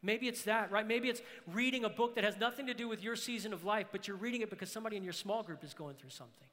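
Bright high-voiced man preaching in a reverberant hall. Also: quick pace. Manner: emphatic preacher, rises to shouts on key phrases. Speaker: pastor. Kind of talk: sermon.

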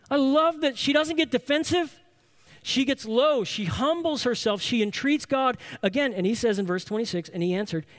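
A man's voice: extremely high pitch, lively intonation, a little slow. A man preaching a sermon to a congregation, emphatic, asking rhetorical questions and repeating key phrases for weight. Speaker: pastor.

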